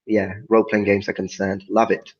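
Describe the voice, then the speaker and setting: A man's voice: lowish voice, flat delivery, fairly quick. A man, a guest on a casual live stream, amused and emphatic. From Italy. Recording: muffled lo-fi audio.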